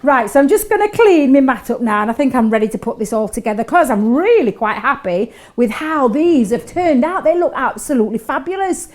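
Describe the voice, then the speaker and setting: A woman chatting warmly and giggling as she demonstrates a craft technique on a live show. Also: high voice, expressive, fairly quick, hardly any pauses. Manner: chatty, giggly, talks to co-host while working. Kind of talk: live craft shopping demo chat.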